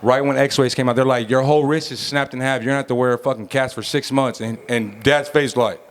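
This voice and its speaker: A man's voice: medium pitch, a little fast. A man co-hosting a podcast, telling a family story in casual slang and acting out his father's lines. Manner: slangy, animated, acts out his dad's voice. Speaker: podcast co-host.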